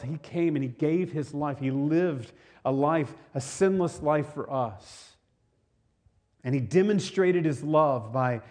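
A man's voice: mid-range voice, darkish tone. A male pastor preaching a sermon to his congregation in a conversational way, often repeating words and asking the listeners questions.

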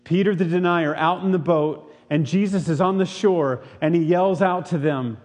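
A pastor preaching a sermon, retelling a scripture story and asking the listeners rhetorical questions. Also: male voice, a little high, moderate pace, a little mellow, long reverb tail.

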